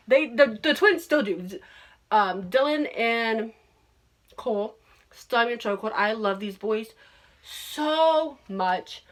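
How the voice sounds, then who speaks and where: Young woman, podcast host, gushing, excitable, casual, slightly high voice. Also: brisk. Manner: gushing, excitable, swears freely. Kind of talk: casual chat.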